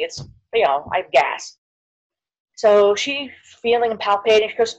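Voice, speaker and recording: Middle-aged woman, podcast guest, lively storyteller who acts out quotes and sinks to a near whisper. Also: medium pitch, moderate pace, lo-fi sound. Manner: animated storyteller, acts out quoted voices, drops to near whisper at hard moments. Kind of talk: personal storytelling interview.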